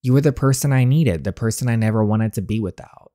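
A man reading the lines of a tearful young woman confessing her love, in a soft, earnest voice. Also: lowish voice, fast, no echo, clean studio sound, natural voice. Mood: tender. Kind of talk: reading game dialogue aloud.

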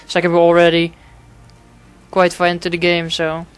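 A man narrating his own gameplay in a loose, rambling way, swearing freely and padding his sentences with fillers. His voice is smooth and clean, but his pitch stays fairly level, with little rise and fall. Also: monotone, moderate pace, soft background music. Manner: rambling, profane, frequent fillers. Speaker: gaming commentator. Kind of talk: casual gameplay commentary.

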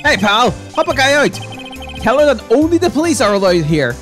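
A woman voicing a good-natured but dim male police detective in a gruff, lowered voice, with game music behind. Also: big pitch swings, normal speed, a bit bright.

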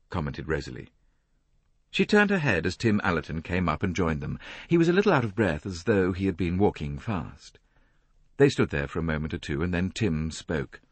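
A man narrating an audiobook in a measured, expressive reading on a close studio mic. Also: deep voice, slightly rough, no room sound. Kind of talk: scripted narration.

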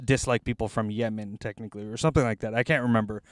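A man's voice: fairly low pitch, steady tone, racing, no echo, studio quality. A man co-hosting a podcast, chatting casually from inside a car. He laughs often and stops and starts a lot, with plenty of ums and uhs. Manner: laughs often, hesitant with many fillers. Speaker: podcast co-host. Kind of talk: casual chat.

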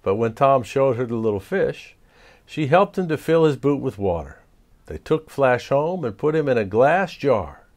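A man reading a children's storybook aloud as storyteller, expressive and chuckling. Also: mid-range voice, normal speed.

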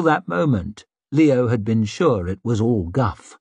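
A man narrating an audiobook in a measured storytelling manner, voice slightly husky. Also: mid-range voice, animated, darkish tone, no room sound. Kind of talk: scripted narration.

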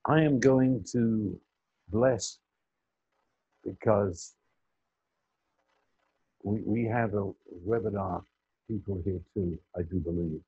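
An older man preaching a sermon slowly and emphatically, his pitch swinging high for emphasis. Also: slightly rough, dry recording. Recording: muffled audio with buzz.

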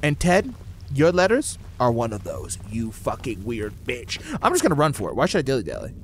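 A man giving profane, incredulous let's-play commentary, ranting loudly at a game. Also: medium pitch, wildly swooping pitch, brisk, slight background noise. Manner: loud, cursing, incredulous rants. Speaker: gaming YouTuber.

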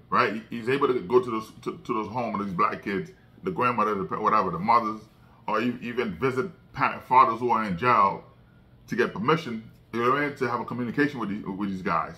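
A man's voice: fairly low pitch, brisk. A man giving casual sports commentary, talking emphatically, stammering and restarting his sentences over and over. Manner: emphatic, animated when quoting others.

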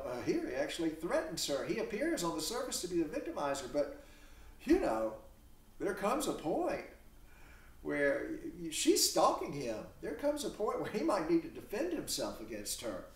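A male literature instructor lectures in a lively, swooping voice with a slightly raised pitch, throwing rhetorical questions at his class. He is picked up from across the classroom, so his voice sounds distant and roomy. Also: moderate pace. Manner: animated, asks rhetorical questions. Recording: echoey classroom from far off.

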